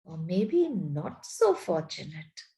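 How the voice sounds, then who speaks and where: Sly male wolf, mocking, gravelly; woman reader voicing. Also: lowish voice, sing-song, slow, dark tone, voice pushed down, full character voice.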